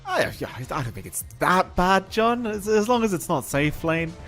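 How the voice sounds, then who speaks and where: A man's voice: high voice, big pitch swings, moderate pace, a bit bright. Teasing male co-caster over music. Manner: playful, teasing banter. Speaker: esports co-caster. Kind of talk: live game commentary. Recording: music in the background.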